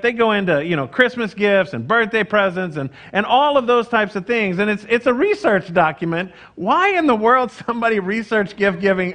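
High-voiced conversational pastor. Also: male voice, fairly bright tone. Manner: conversational, self-deprecating, with frequent fillers and restarts. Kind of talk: casual sermon.

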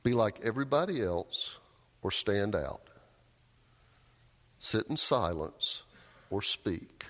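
A man preaching a sermon, telling a story with raised cries and quiet, low emphasis. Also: big pitch swings, slow, pauses often. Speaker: pastor. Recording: long hall reverb.

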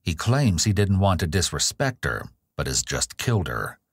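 A man narrating and commenting on a crime case in a measured, judging way, as podcast host. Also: low voice, very animated, husky, dry recording, clean studio sound.

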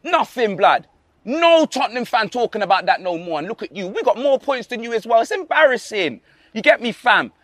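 A man with a high, bright voice that swings up and down a great deal. He trades casual football banter, full of slang and mockery. The sound is dry and close. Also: sing-song, a little fast, no room sound. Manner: boastful, slang-heavy, mocking. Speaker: podcast co-host.

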